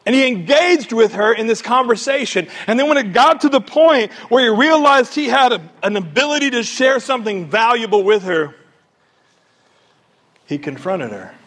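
Husky, animated male pastor preaching. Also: extremely high pitch, normal speed. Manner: animated, conversational preaching with audience questions. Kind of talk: sermon. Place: church service.

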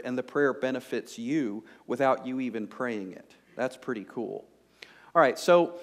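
A man preaching a sermon to a congregation, conversational and joking, with frequent fillers like "you know". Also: medium pitch. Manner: conversational, humorous, lots of fillers. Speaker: pastor. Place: church sanctuary before a congregation.

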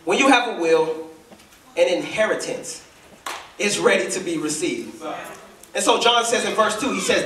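A man preaching a sermon in church, with an impassioned delivery that climbs into shouts. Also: high voice, expressive, moderate pace, long pauses, background noise. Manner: impassioned call-and-response preaching, building to shouts. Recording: echoey church hall, voice from a distance.

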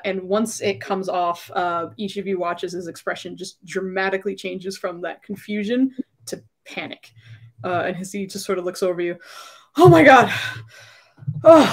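A woman's voice: lowish voice, flat delivery, normal speed. Woman narrating as game master. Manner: loose, filler-heavy narration.

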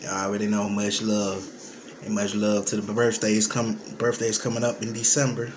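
A man's voice: lowish voice, completely flat delivery, moderate pace. Choked-up man vlogging to followers. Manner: emotional, choked up, heavy sighs. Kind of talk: casual vlog to followers. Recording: noticeable room noise.

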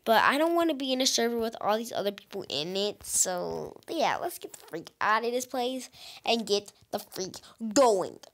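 A woman hosting a gaming channel, giving excitable let's-play commentary and talking straight to her viewers with frequent exclamations. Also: on the high side, normal speed.

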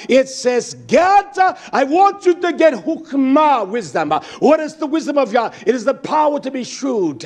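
A male preacher with a high voice that leaps all over the place as he delivers his sermon. He talks emphatically, rising into loud bursts and then dropping to low murmurs. He keeps turning to his congregation with direct questions.

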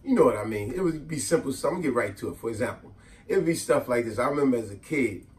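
A man tells funny stories from his childhood in a casual, animated way. His voice swings up and down a lot, and he sits a little back from the mic. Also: medium pitch, very fast, distant mic. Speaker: vlogger. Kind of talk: comedic storytelling. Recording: voice a bit off-mic.

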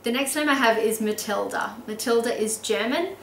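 A woman's voice: on the high side, normal speed, roomy sound, far from the mic, a little hiss or hum, low-quality recording. An Australian woman talking casually and enthusiastically in a vlog, often laughing as she explains things. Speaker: baby name vlogger.

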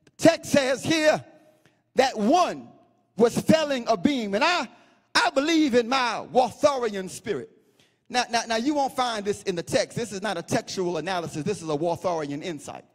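A pastor preaching a sermon, swinging between sing-song chanting and shouts and repeating phrases for emphasis. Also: male voice, high voice, animated, moderate pace, long reverb tail.

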